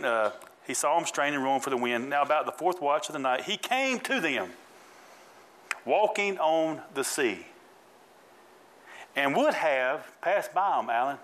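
Male preacher, slightly high voice, casual talk, call-and-response, dramatic storytelling. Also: a bit bright, rough recording. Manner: call-and-response preaching, calls congregants by name; colloquial, dramatic retelling. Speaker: pastor. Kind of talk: sermon.

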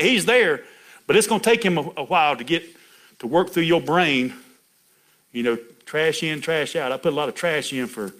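A man's voice: a little high, a bit bright. Folksy preacher man, chuckling. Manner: chatty, laughing, calls out to listeners by name. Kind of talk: folksy sermon.

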